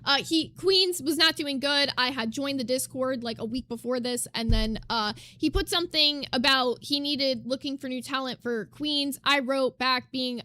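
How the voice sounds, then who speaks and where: Bright, high-voiced woman streamer. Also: normal speed, few pauses, no room sound. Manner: chatty, reads chat aloud. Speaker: streamer reacting to clips. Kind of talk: casual livestream commentary.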